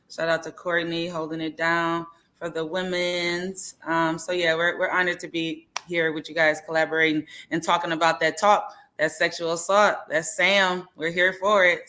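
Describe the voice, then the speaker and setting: A woman guest on a live video-call podcast, introducing herself and chatting in an upbeat, energetic way. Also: lowish voice, normal speed. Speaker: podcast guest, nonprofit founder. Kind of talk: casual podcast chat.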